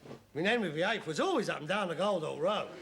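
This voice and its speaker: An actor playing a sarcastic, mocking middle-aged son in a sitcom scene. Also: male voice, high-pitched, expressive, quick pace, creaky, background noise. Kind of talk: 1970s sitcom acting.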